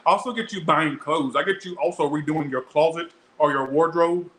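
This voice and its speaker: A young man with a bright, forceful, fairly high voice does a casual tarot reading, addressing his viewers directly at a slightly fast clip. He's chatty and blunt and swears a lot. The recording sounds echoey, with a faint hiss of room noise.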